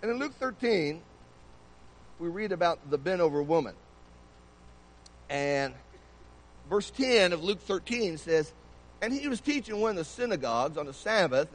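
Male preacher, high animated voice, conversational sermon full of questions to the pews. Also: poor audio. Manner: conversational, asks the congregation many questions. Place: church.

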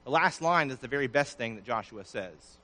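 A man preaching a sermon, his voice swelling loud and then dropping low. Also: animated, brisk. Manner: preaching with sudden swells and drops in loudness. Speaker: pastor.

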